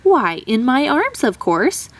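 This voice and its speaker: A woman's voice: high-pitched, sing-song, slow, voice pushed up, heavily acted. A woman doing a haughty mother monkey. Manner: matter-of-fact, dismissive.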